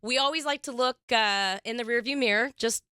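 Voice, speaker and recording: Bright, animated woman hosting a chat. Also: fairly high pitch, a little fast, clear, resonant tone. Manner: animated storyteller, laughs often, acts out quotes. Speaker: podcast host. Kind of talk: casual interview chat.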